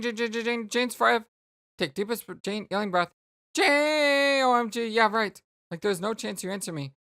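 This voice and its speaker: A let's play host voicing a bubbly, chatty teenage girl who rambles excitedly, reading game dialogue aloud. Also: medium pitch, creaky.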